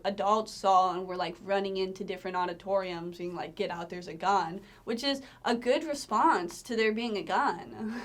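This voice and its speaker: A young woman from Tennessee tells her story in a relaxed interview. Her voice sits at an ordinary middle pitch, and she fills her talk with casual "like"s. She keeps up an animated, chatty telling. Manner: chatty, animated retelling, frequent "like" fillers and laughs. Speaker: movie theater worker.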